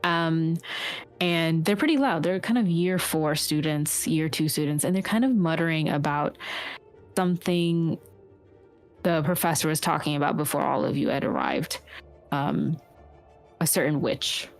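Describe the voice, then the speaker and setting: Woman game master, low voice, rambling narration, frequent fillers. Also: a little slow, faint music behind.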